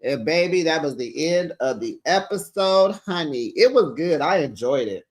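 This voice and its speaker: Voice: mid-range voice, lively intonation, moderate pace. A reality TV recap host giving sassy, casual commentary to viewers, calling them besties and honey and acting out the cast's lines. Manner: acts out the cast's lines in dramatic voices.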